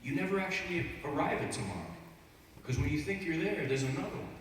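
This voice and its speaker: A man's voice: on the high side, big pitch swings, fast. A man on a convention panel telling rambling, profane stories to fans, heard from a distant mic in a large, noisy hall. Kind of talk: animated anecdote at a fan panel.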